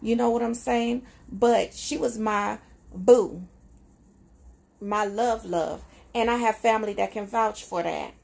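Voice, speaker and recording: Vlogger, woman, gravelly texture, emotional and reflective, casual and conversational delivery. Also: a little high, slow, a little mellow. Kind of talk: casual personal vlog.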